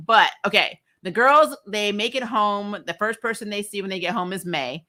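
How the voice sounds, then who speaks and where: A woman talks through an episode review in a loose, chatty way, often breaking into laughter. Her voice is bright and forward, and her pitch sits in the middle. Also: moderate pace, few pauses. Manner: chatty and animated, laughs often, many fillers. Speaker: anime review vlogger. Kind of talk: casual spoken review.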